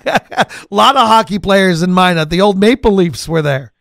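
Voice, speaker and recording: A man's voice: sits high, expressive, moderate pace, gravelly, a bit bright, no room sound, studio quality. A male radio host from North Dakota, chatty and jokey, who laughs often while interviewing a guest. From North Dakota, USA.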